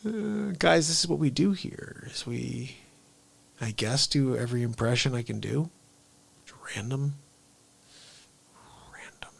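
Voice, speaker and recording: A man chatting casually with his viewers as a livestream comedian, musing and trailing off softly. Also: mid-range voice, a little slow, vocal fry, long pauses, husky.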